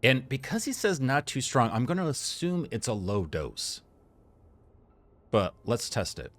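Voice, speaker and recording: A man's voice: medium pitch, big pitch swings, measured pace, fairly bright tone, a little hiss or hum. A man playing a medical game and commenting as he goes, thinking aloud, reading symptoms off the screen and joking with the characters. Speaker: gameplay commentator. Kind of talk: let's play commentary.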